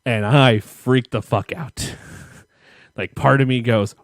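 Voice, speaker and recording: A man's voice: on the low side, fairly even intonation, unhurried, no echo, studio quality. A man co-hosting a podcast, telling a long, profane childhood story in a rambling way and laughing at himself. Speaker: podcast co-host. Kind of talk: casual storytelling chat.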